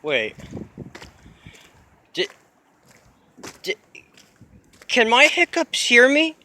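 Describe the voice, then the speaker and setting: A man's voice: extremely high pitch, wildly swooping pitch, very slow, bright, forceful tone. A young man vlogging casually while walking outdoors, exclaiming in disbelief and laughing. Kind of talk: casual vlog talk to camera. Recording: windy outdoor noise.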